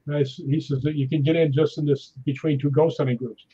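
A man's voice: fairly high pitch, fast, hardly any pauses, breathy edge, highs cut off. A man telling ghost-hunting stories in casual chat, acting out what people said. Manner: animated anecdotes with acted-out quotes. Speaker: guest.

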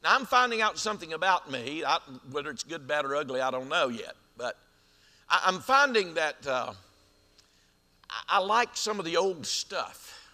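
A man preaching a sermon as senior pastor, stretching key lines slowly and dropping to quiet asides. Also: a little high, very animated. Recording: reverberant church sanctuary.

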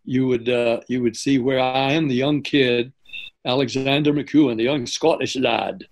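An older man, a guest in an interview, telling lively anecdotes and often stopping to correct himself. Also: medium pitch, normal speed, vocal fry, low-quality recording. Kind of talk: interview storytelling.

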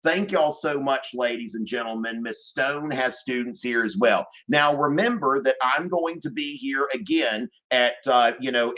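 A man teaching on a live review stream, chatting casually with lots of fillers and shout-outs to classes. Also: mid-range voice, dull audio. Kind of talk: casual livestream chat.

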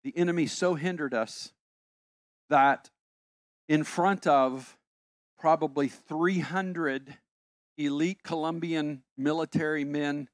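High-voiced older male pastor preaching. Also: steady tone, slow, long pauses, no room sound, clean studio sound. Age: 60s. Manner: conversational, emphatic, self-interrupting. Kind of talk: sermon with personal storytelling.

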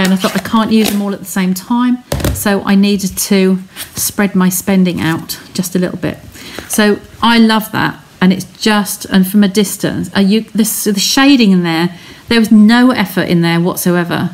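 On a live stream from her home studio, a woman demonstrating a craft chats while walking viewers through the technique step by step. Her mid-range voice moves at a moderate pace with few pauses, over a little hiss or hum.

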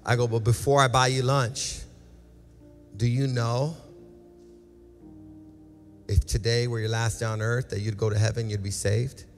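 A man's voice: medium pitch, level tone, measured pace, long pauses. Passionate male pastor in an echoing hall. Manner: passionate, repetitive exhortation with acted quotes. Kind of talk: sermon with altar call. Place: large church sanctuary. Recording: reverberant church hall with music.

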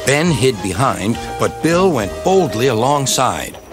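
A man narrating a children's storybook with a lively, expressive reading. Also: medium pitch, a little slow. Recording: music playing behind.

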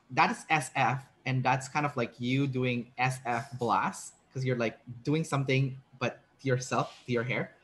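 A man's voice: medium pitch, a bit bright, a little hiss or hum. A man hosting a casual interview as a personality trainer, explaining ideas and acting out short example lines.

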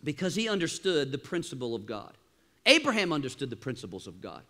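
A man preaching a sermon in a church, animated, with sudden loud bursts and quieter asides. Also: medium pitch, quick pace. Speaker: pastor. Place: church auditorium.

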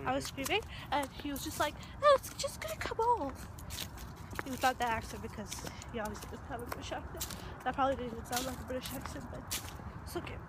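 Racing along in a high voice, a young woman in her twenties vlogs casually from a car and an outdoor park, giggling and chatting to the camera. Music plays behind her in a very noisy recording.

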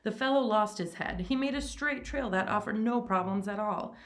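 A woman's voice: medium pitch, moderate pace, voice pushed up, lightly acted. Woman reading as a suave, menacing old general. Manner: genteel, mocking courtesy. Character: suave menacing aristocratic male hunter general.

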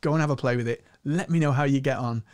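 A man with a Scottish accent hosting an energetic screen-share tutorial, talking with enthusiasm. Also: quick pace, no echo. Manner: energetic and enthusiastic, often rising in pitch. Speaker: host.

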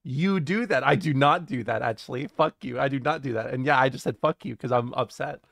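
A man's voice: medium pitch, a little fast, gravelly, fairly bright tone, no room sound, studio quality. A young adult man streaming casually, reading his chat aloud and answering it in a rambling, jokey way, often swearing and laughing.

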